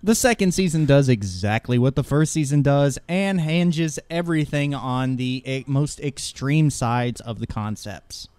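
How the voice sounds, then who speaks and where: A man's voice: medium pitch, a little slow, hardly any pauses, a little mellow, clear, resonant tone, dry recording. A man guesting on an anime podcast, riffing crudely with lots of profanity in casual chat. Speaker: guest co-host.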